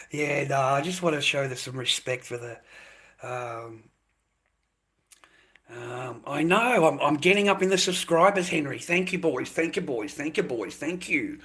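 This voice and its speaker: A man's voice: mid-range voice, sharp tone, slightly rough. An older man, talking to viewers on his livestream in a rambling, repetitive way, full of "mate" and "boys".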